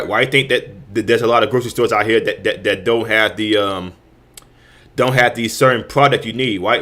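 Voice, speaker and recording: A man with a lowish, slightly bright voice hosts a show and rants. He gets heated, repeats himself, stammers through restarts and swears a lot.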